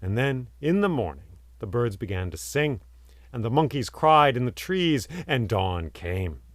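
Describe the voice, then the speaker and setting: A man telling a folk tale aloud, expressive and lingering on vivid words, sometimes dropping to a hush. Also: mid-range voice, unhurried, dry recording, studio quality. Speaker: storyteller and podcast host. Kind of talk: oral storytelling.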